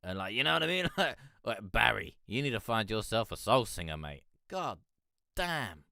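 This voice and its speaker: A young man hosting a live music review stream, chatting in a rambling, excitable way. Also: lowish voice, moderate pace, creaky, no echo, clean studio sound. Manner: rambling, excitable, peppered with "mate". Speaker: music review show host. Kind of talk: casual live-stream commentary.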